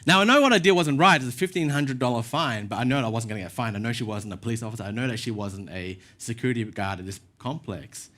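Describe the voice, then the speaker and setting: A male pastor giving a sermon in a church, telling stories in a relaxed, self-mocking way. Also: mid-range voice, fast talker, few pauses. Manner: casual storytelling with self-deprecating asides.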